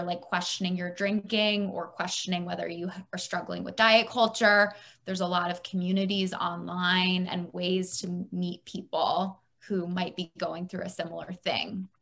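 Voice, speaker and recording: A woman's voice: lowish voice, fairly bright tone. A woman therapist speaking as a podcast guest, chatty and thinking aloud with many fillers. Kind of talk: casual interview chat.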